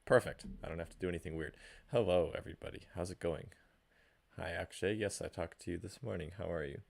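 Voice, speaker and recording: A man hosting a live question-and-answer stream, chatting casually, greeting viewers by name, halting with fillers and restarts. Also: low-pitched, gravelly, a little mellow. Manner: reads out viewer names and greets them.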